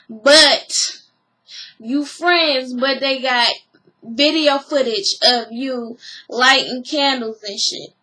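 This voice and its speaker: A woman's voice: high-pitched, slow pace, sharp tone. A woman vlogger giving a blunt, slangy recap commentary.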